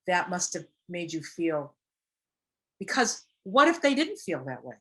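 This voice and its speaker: A woman's voice: lowish voice, big pitch swings, unhurried, pushed and bright, husky. A woman giving a casual teaching talk on recovery, earnest and plain, acting out little example quotes as she goes. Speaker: recovery speaker.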